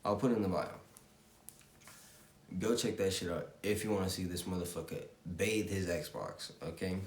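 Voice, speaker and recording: Man, low voice, intense profane motivational rant, repetitive, echoey room. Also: moderate pace, a little hiss or hum. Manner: intense, swears constantly, repetitive. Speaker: motivational vlogger. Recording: roomy echo.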